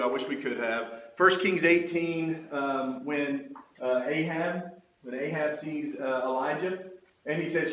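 A man teaching a church Bible class in an earnest, emphatic way, quoting scripture. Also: fairly high pitch. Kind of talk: church lesson talk. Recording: echoey room with faint noise.

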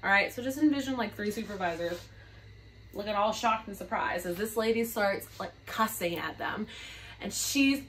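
A woman's voice: medium pitch, animated, moderate pace, a bit bright, a little hiss or hum. A woman who works as a flight attendant, candidly telling a gossipy, profane story in a storytime vlog.

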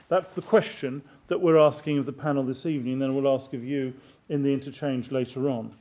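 An older British man chairing a panel debate in a formal, measured, enthusiastic way. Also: mid-range voice, fairly even intonation, warm tone. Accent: British English. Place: large lecture hall.

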